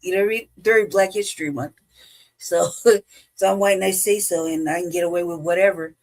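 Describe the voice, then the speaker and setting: A woman's voice: lowish voice, fairly quick. Blunt, profane woman ranting with laughs. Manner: blunt, profane, laughs often, animated asides. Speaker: podcast co-host. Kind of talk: casual political commentary.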